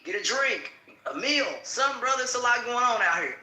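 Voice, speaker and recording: A man hosting a casual show, telling a story in an animated, laughing, colloquial way. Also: very high-pitched, fairly quick. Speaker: host. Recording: echoey room.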